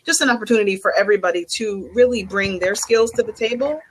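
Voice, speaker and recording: A woman who works as a psychic and Reiki master, telling a candid, animated story in a casual group video chat. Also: medium pitch, fast talker, slightly rough, poor audio.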